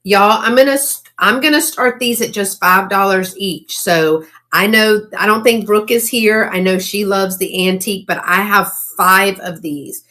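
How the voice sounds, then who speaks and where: A woman with a drawl hosts a live online sale and talks at an unhurried, slow pace. Her voice sits at an ordinary middle pitch. She is chatty and keeps exclaiming over each item, and she stumbles through old cursive as she reads it aloud. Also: sharp tone. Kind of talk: casual live-sale chat.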